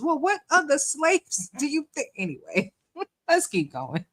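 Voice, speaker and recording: Bright, sassy woman live-streaming. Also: sits high, very animated, moderate pace. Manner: sassy, colloquial, laughing often, mocking asides. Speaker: livestream host. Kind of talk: live commentary on a phone call.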